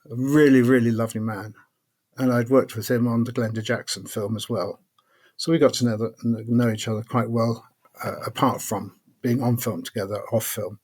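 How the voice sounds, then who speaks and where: An older man, a podcast guest telling anecdotes in a lively way, laughing often and acting out what others said. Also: mid-range voice. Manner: lively raconteur, laughs often, acts out quotes. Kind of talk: anecdotal storytelling.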